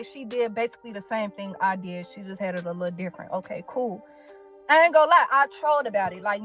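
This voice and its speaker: A woman's voice: fairly high pitch, a bit bright, lo-fi sound. A young woman from Chicago with a Chicago accent, telling her side of a falling-out with a friend in a blunt, profane, exasperated rant. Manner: blunt, profane, exasperated, repeats herself for emphasis. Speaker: content creator telling her side of a feud. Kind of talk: heated storytime rant.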